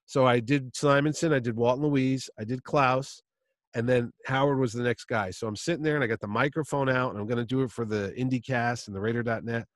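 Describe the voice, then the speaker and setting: A man who works as a comic artist, telling a story in a casual, animated way and acting out other people's voices. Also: medium pitch, a little fast, dry recording.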